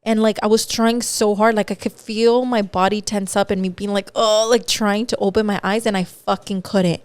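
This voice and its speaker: A woman co-hosting a podcast, chatting casually and telling stories in an animated, profane way. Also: mid-range voice, moderate pace, clear, resonant tone, no echo. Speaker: podcast co-host. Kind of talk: casual chat.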